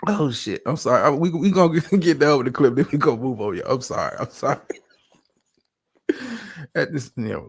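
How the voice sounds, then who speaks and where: A man's voice: mid-range voice, big pitch swings, normal speed, pauses often, slightly rough. A man hosting a casual reaction video, playful and laughing often as he talks back to the clip. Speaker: reaction channel host.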